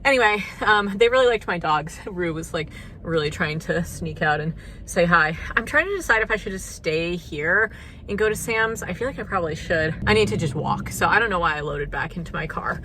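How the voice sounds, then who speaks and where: A woman's voice: on the low side, lively intonation, a little fast, pushed and bright, slight background noise, low-quality recording. A young woman talking casually to camera in a vlog, full of "like" and "you know". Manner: chatty, peppered with "like" and "you know". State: out of breath after walking uphill. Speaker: vlogger.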